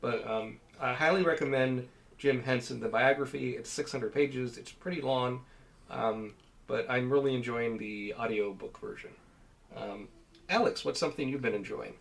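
A man's voice: medium pitch, normal speed, gravelly, poor audio. A man co-hosting a casual chat, telling a long story with many fillers and restarts. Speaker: podcast co-host.

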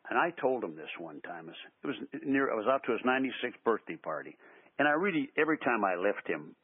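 An older man, a basketball coach, tells animated stories in a radio interview, acting out the quotes. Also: medium pitch, fast, husky, no room sound. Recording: tinny phone-line sound.

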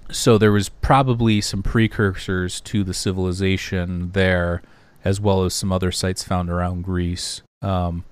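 A man co-hosting a podcast, talking through slides in a loose, rambling way with lots of fillers and pauses. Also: low voice, clean tone, no echo. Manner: rambling, hesitant, many fillers. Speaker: podcast co-host. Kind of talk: casual podcast discussion.

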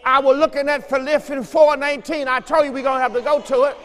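A man's voice: extremely high pitch, level tone, quick pace, fairly bright tone, in a large hall, a little hiss or hum. A man preaching a fervent sermon as pastor, repeating phrases and urging his listeners on. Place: church sanctuary.

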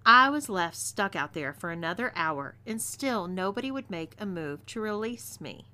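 A woman with a Texan twang narrating a scripted first-person western story with expressive delivery. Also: mid-range voice, normal speed. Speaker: narrator, audio story reader.

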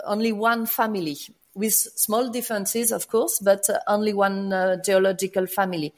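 A woman, a wine grower answering interview questions, pausing often to search for words. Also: medium pitch. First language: French.

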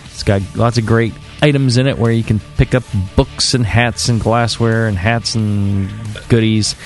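A man who hosts a podcast, talking in a relaxed, rambling way full of fillers. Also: lowish voice, moderate pace, soft background music. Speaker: podcast host. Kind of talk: casual homebrewing chat.

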